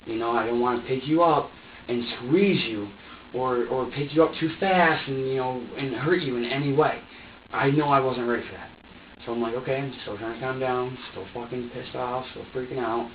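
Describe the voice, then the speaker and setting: A man's voice: mid-range voice, steady tone, normal speed, a little hiss or hum. A young man making an emotional confession during a police interrogation, agitated and profane, stammering and restarting as he talks. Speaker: suspect being questioned by police. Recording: distant, roomy, dull room recording.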